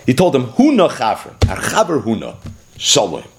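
A man's voice: mid-range voice, huge pitch swings, moderate pace, background noise. A man teaching a daily Talmud lesson. He reads the Aramaic text line by line, explains it in English, and acts out the rabbis' exchanges expressively.

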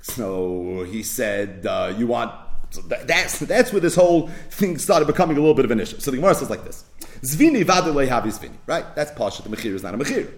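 A man's voice: mid-range voice, animated, quick pace. A man teaching a Talmud class, mixing Hebrew and Yiddish terms into his English and acting out both sides of the case. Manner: acts out both sides of the case in story voices. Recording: echoey room.

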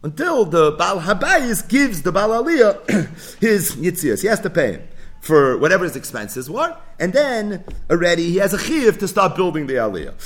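A man teaching a daily Talmud page lesson, explaining in English mixed with Hebrew and Aramaic terms and asking and answering his own questions. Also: medium pitch.

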